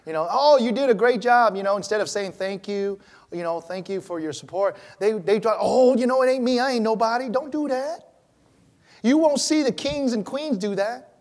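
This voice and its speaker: A male pastor delivers an animated sermon in church, swinging between loud, emphatic lines and low, quiet ones.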